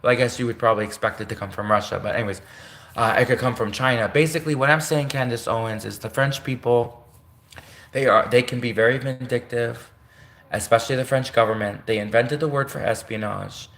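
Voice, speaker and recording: A man's voice: mid-range voice, a little fast, a bit bright. A man from Canada rambling on a livestream, correcting himself as he goes. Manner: rambling, self-correcting, addresses a public figure directly.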